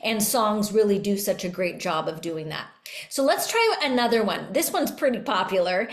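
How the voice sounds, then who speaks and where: A woman hosting a talk for educators, explaining in a lively way and now and then slipping into sung examples. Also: mid-range voice, moderate pace. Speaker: podcast host and music educator. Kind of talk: casual teaching talk. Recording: roomy echo.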